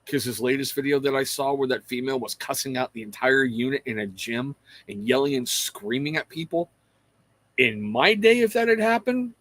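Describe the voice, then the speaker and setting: A man's voice: medium pitch, fairly bright tone, dry recording. A middle-aged man hosting a livestream, chatting casually and rambling to viewers, calling out their names and swearing freely. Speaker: livestream host.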